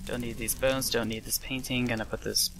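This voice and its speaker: A man's voice: mid-range voice, little pitch movement, brisk, background noise. A young man giving casual, self-deprecating commentary as he plays, thinking aloud as he goes. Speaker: let's play host. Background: game music.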